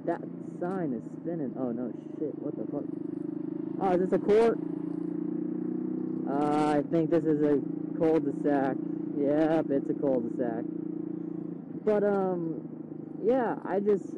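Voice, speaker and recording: A young man riding a motorcycle through town, chatting casually into a helmet mic, swearing freely and getting loud when he retells things. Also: on the high side, slow, long pauses. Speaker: motovlogger. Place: outdoors on a motorcycle in town traffic. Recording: dull helmet mic, loud road noise. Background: engine and traffic noise.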